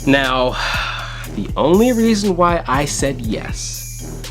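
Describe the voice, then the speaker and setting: A casual vlogger's voice that swoops up and down in pitch, sarcastic and exasperated, with frequent swearing. Faint music plays underneath. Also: sing-song, drawn-out words. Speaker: online decoy narrating chat logs. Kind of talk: casual commentary.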